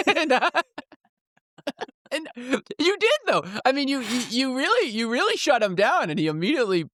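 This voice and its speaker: A man co-hosting a podcast, telling a story in casual chat with a loud voice and frequent laughter. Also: very high-pitched, very animated, moderate pace, dry recording, clean studio sound. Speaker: podcast co-host.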